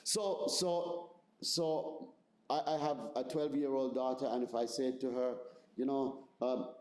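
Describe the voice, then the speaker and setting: A Jamaican-accented pastor in his forties teaches a seminar in a conversational style, repeating words and often checking in with "right?". His medium-pitched voice is steady, unhurried, and a little mellow, recorded in a roomy, echoey space.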